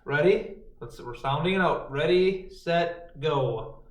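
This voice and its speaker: A man teaches a remote phonics lesson to kindergarteners, stretching out letter sounds in a slow, sing-song way. He talks at an unhurried pace. His voice is captured from a distance by a laptop mic, with noticeable room echo. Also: fairly high pitch. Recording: roomy, distant home video.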